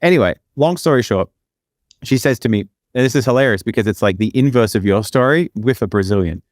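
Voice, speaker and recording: A man's voice: medium pitch, expressive, fairly quick, no room sound, studio quality. A young man telling a long story on a podcast as co-host, rambling, with many fillers and tag questions. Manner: rambling, full of fillers and "right?" tags. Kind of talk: casual storytelling.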